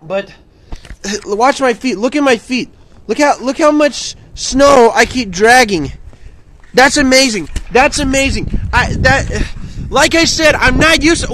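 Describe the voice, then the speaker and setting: A man vlogging outdoors in a snowstorm, excitable and rambling, out of breath, talking into a handheld camera mic. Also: very high voice, a little slow, a little hiss or hum.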